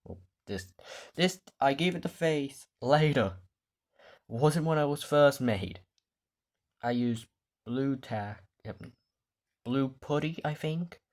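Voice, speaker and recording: A man's voice: mid-range voice, lively intonation, slow pace, long pauses, darkish tone. A man casually showing his toy collection in a vlog, rambling off the cuff and swearing when the camera loses focus. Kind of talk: casual show-and-tell vlog.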